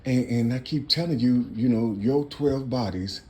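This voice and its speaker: In a moderately paced, fervent ramble, a man in his fifties alternates between loud eruptions and low muttering, often repeating himself.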